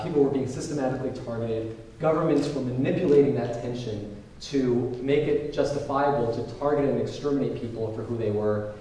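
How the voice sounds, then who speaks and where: A man's voice: medium pitch, warm tone, slight background noise. A man in his twenties from Ecuador, giving a conversational public lecture full of ums and uhs. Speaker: guest speaker. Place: large university auditorium. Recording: echoey auditorium from far off.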